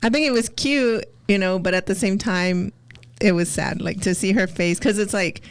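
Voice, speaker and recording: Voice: mid-range voice, moderate pace, clean tone. A co-host in a casual talk show who chimes in to correct details and react. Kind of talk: casual chat.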